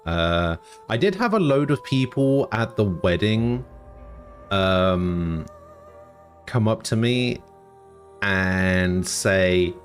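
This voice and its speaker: A British man streaming live, chatting casually with dry, deadpan humor and some swearing as he answers chat. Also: deep voice, extremely slow, long pauses, soft background music.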